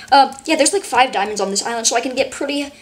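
A woman giving casual, rambling gameplay commentary full of "like", her voice a bit worn from yelling. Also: sits high, a little fast. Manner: rambling, fillers of "like", excitable. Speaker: gaming channel host.

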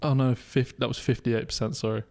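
Speaking a little fast in a level, darkish mid-range voice, this young podcast co-host jokes at his friend's expense. He laughs frequently and reads survey numbers aloud in casual conversation.

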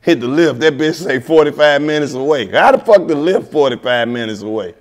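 A man hosting a comedy talk show, telling road stories in casual, profane banter with drawn-out emphasis. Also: on the high side, animated. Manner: brash storytelling, heavy cursing, drawn-out emphasis. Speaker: comedian host. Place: living room set.

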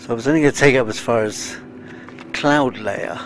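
A man's voice: mid-range voice, fairly quick, a little hiss or hum. A man giving casual let's-play commentary, chatty and talking to himself with sighs, a little out of breath. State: slightly out of breath. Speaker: game streamer. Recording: faint game music behind.

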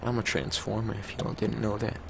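Young man, let's play commentary, low gravelly voice, slow joking delivery. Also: flat delivery, slight background noise. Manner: joking, reads game text aloud. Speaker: gamer.

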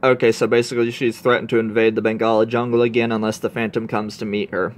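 A man's voice: lowish voice, steady tone, fast talker, slight background noise. A man reviewing a comic book, reading its dialogue aloud with casual asides in between. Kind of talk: casual read-through of a comic.

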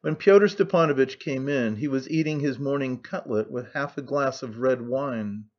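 A man narrating a classic novel audiobook in a measured storytelling manner. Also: mid-range voice. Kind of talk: scripted narration. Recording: dull lo-fi recording.

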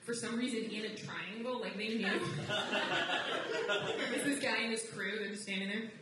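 A woman's voice: fairly even intonation, normal speed. Young woman doing stand-up in an echoey room. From outside the United States. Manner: wry, conversational, swings into high mocking voices for quotes. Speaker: stand-up comedian. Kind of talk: live stand-up comedy. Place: live comedy venue with audience. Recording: roomy live recording from a distance, noisy.

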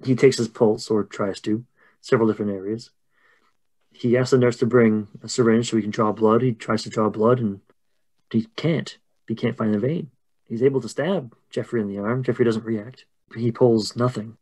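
A man running a tabletop horror game as game master, narrating in a relaxed way full of fillers. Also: mid-range voice, normal speed, low-quality recording.

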